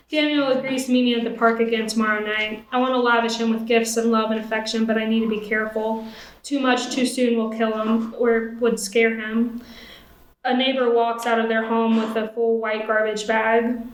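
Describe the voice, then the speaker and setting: A woman's voice: a little high, roomy sound, rough recording. Young woman reading a story on stage. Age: young adult. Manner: steady first-person reading. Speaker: student reader. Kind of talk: reading fiction aloud. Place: stage at a live event.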